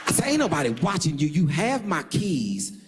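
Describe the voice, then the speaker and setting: A man doing stand-up, telling a dating story with animated delivery and loud bursts while acting out the people in it. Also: a little high, normal speed, big-room sound, background noise. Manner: animated, acts out other voices, loud bursts.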